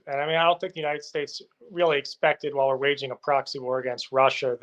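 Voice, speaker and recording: A male guest reporting from a war zone, answering interview questions firmly and assertively. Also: mid-range voice. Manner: firm, assertive, with occasional fillers.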